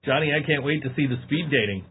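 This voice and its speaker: A man's voice: mid-range voice, fast. A man from Western New York co-hosting a casual podcast, teasing his friend and laughing often. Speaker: podcast co-host. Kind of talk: casual banter. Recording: phone-like audio with faint noise.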